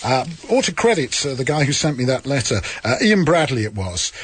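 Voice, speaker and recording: A middle-aged man hosting a radio talk show, with dry, self-mocking banter and a husky voice. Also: medium pitch, big pitch swings, fairly quick. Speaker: radio host.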